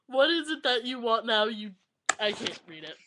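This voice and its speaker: A woman's voice: a little high, big pitch swings, moderate pace, sharp tone. A young woman vlogging at her webcam, reading aloud and often breaking into giggles. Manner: giggly, keeps breaking into laughter while reading. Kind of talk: casual vlog, reading aloud.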